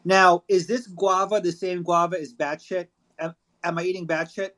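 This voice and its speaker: Guy hosting an online chat room, kinda high voice, cracks jokes and swears a lot. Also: level tone, normal speed, fairly bright tone. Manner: irreverent, jokey, swears freely. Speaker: discussion host reading a thread aloud. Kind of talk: casual online audio chat. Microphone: phone app audio room.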